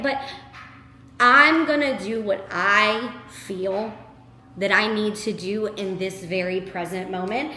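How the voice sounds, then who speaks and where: A chatty woman with a high, slightly bright voice gives a casual motivational talk to camera, upbeat and scattered, calling people "y'all" and "girl." She's recorded in an echoey room with faint ambience and a bit of hiss or hum.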